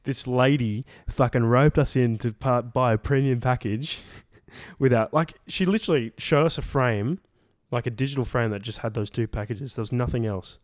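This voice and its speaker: A man's voice: mid-range voice, moderate pace, dry recording. A young man co-hosting a podcast tells a long travel story in a loose, rambling way. He fills his sentences with "like" and swears casually. His voice sits mid-range and sounds dry and close, with no room around it. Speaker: podcast co-host. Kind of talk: casual chat.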